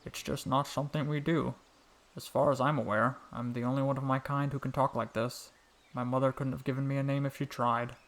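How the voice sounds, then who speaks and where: A soft, cheerful talking frog with a gentle heart, as a man narrator puts him on, unhurried and teasing in a warm way. The voice sits at a middling pitch for a man, kind rather than deep, like a friendly storybook creature. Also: level tone, lightly acted.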